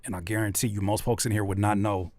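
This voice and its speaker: A young man, a rapper and producer, chatting loosely in slang while making a beat, playful and quick to laugh. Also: lowish voice, level tone, darkish tone, no echo. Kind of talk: casual chat while making a beat live.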